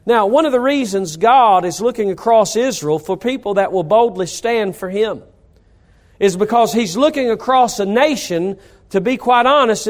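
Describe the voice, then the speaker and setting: A middle-aged man from North Carolina, a pastor preaching a sermon with rising emphasis. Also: sits high.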